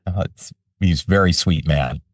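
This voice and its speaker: An older man with a deep, low voice tells animated stories as an interview guest. He sits a little back from the microphone in a dry, dead-sounding room. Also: moderate pace, no room sound, distant mic. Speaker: voice-over artist and guest. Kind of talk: casual interview storytelling.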